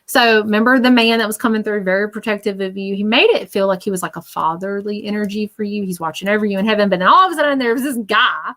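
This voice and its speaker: A woman's voice: medium pitch, fast talker, few pauses, fairly bright tone. A woman psychic medium giving a live spirit reading in a chatty, reassuring way, full of fillers and check-ins.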